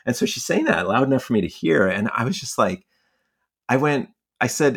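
A man's voice: medium pitch, lively intonation, normal speed, a bit bright, husky. A young man telling stories casually in a conversation, rambling with many filler words and frequent laughs. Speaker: guest, fly angler and magazine writer.

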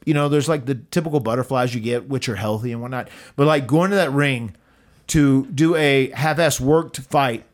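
A man hosting a podcast, telling a story in a loose, animated way and acting out quotes. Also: moderate pace. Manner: animated, acts out quotes with rising pitch. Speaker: podcast host. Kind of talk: casual storytelling.

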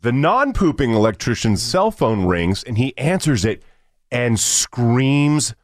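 A man's voice: medium pitch, slow pace, no echo, clean studio sound. A man co-hosting a radio show, telling a comic story with lots of energy and putting on voices. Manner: animated storyteller, shouts and mimics voices for laughs.

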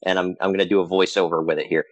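A man co-hosting a podcast, telling stories in a casual, animated way with frequent laughs. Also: low-pitched, very fast, lo-fi sound. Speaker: podcast co-host. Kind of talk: casual chat.

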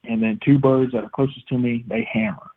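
Guest caller, man, husky voice, animated storyteller, heard down a phone line. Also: medium pitch, a little fast. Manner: animated, quoting his own thoughts, sound effects. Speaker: podcast guest, listener. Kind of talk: casual storytelling.

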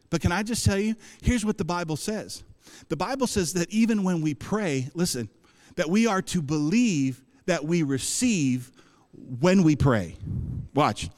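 Male pastor, high voice, fervent sermon delivery with questions to the crowd, long church reverb. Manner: impassioned, rising into bursts and dropping low, asks the congregation questions.

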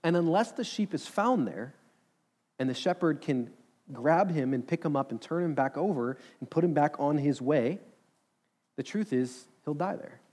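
A man delivers a sermon in an earnest, conversational tone. He keeps asking the listeners questions as he preaches. His voice sits a touch higher than most men's. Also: animated, normal speed, darkish tone. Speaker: pastor.

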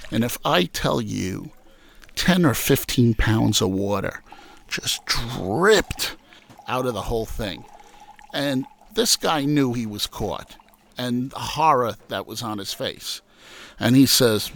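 A man's voice: medium pitch, takes it slowly, vocal fry. A man from New York telling stories from his childhood in a casual interview, acting out the voices of people he quotes. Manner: animated storyteller who acts out quoted voices.

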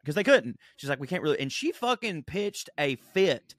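A man co-hosting a podcast, telling profane, animated stories in casual chat and acting out the quotes. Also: fairly high pitch, brisk, dry recording, studio quality. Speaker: podcast co-host.

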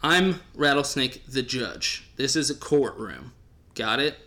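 A man's voice: mid-range voice, animated, slow pace, bright, forceful tone. A man hosting a podcast, chatting casually in a joking, rambling way with the odd swear. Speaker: podcast host.

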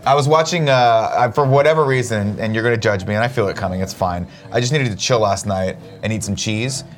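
A man's voice: fairly low pitch, fairly quick. A man hosting a casual talk show, joking and swearing as he rambles through his opinions. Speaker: show host. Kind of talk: casual chat.

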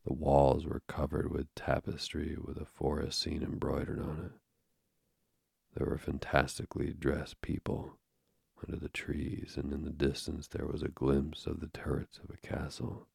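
A man narrating an audiobook in a measured, steady reading with a gravelly voice. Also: a bass voice, dry recording, studio quality.

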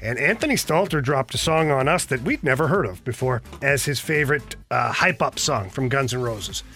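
A man co-hosting sports radio, teasing his partner with a bright, sharp voice that moves widely in pitch. Soft music plays behind him. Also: expressive, normal speed. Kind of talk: casual sports talk.

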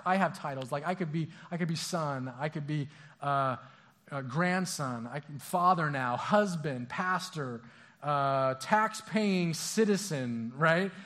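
Young pastor with a high, lively voice; relaxed sermon delivery, slips into acted voices. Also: male voice. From Southern California. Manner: casual, animated, acts out voices, stammering restarts.

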